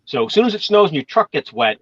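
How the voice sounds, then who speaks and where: A man's voice: fairly high pitch, sing-song, quick pace, fairly bright tone, slightly rough, no room sound, dull audio. A man from Massachusetts chatting casually, rambling through stories and swearing now and then. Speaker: channel host. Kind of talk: casual chat.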